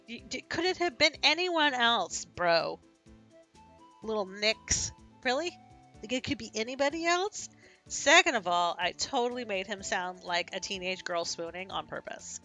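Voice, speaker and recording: A woman's voice: mid-range voice, animated, a little slow, sharp tone, soft background music. A woman streaming a story game, giggling and joking as she reads and comments. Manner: giggly, playful, self-mocking. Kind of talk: let's-play commentary and reading aloud.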